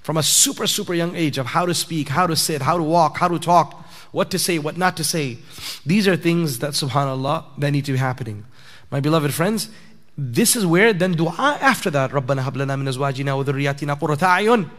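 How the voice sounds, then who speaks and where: A man's voice: a little high, moderate pace, fairly bright tone. Man preaching in a reverberant mosque hall. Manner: conversational preaching with rhetorical questions, rising to emphatic peaks. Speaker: imam giving a sermon. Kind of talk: sermon.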